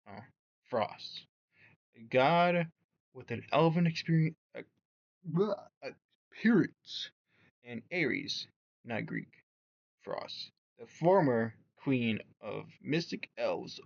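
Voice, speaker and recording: A man's voice: mid-range voice, muffled recording. A man reviewing characters in casual commentary, reading text aloud and stumbling over words, full of fillers and restarts. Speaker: YouTube reviewer.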